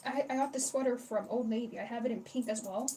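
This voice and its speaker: A slightly high, warm voice at a quick pace belongs to a young woman hosting a casual stream. Chatty and rambling, she cusses freely and welcomes her chat, recorded from a distance with faint background noise.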